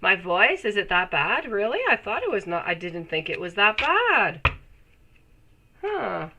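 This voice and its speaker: A woman with a cold and a stuffy, nasal voice, chatting warmly with her viewers while reading tarot on a live stream. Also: medium pitch, very animated, measured pace, a little hiss or hum, poor audio. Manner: chatty, affectionate, laughs often. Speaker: tarot reader.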